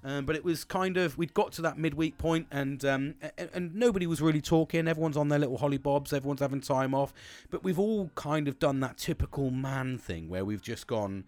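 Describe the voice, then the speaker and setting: A man's voice: a little high, brisk, a little mellow, no room sound. A man in his forties, hosting a casual podcast monologue in a rambling, sweary, self-mocking way. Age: 40s.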